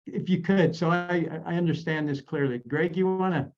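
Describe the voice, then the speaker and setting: Muffled, higher-pitched man coaching. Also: fairly even intonation, moderate pace. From Idaho, USA. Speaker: habit coach guest. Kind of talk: coaching talk on a video call.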